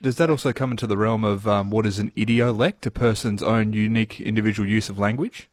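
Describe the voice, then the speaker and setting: A man's voice: on the low side, steady tone, quick pace, no room sound, studio quality. A man hosting a podcast, chatting casually and asking curious, prepared questions. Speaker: podcast host. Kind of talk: casual interview chat.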